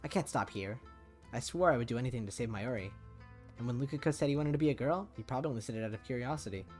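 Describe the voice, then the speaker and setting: A man reads a visual novel aloud on stream in an easygoing, casual way, breaking off for cursing asides. His voice sits in a plain middle pitch, with faint music underneath. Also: very fast. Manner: casual reading with swearing asides.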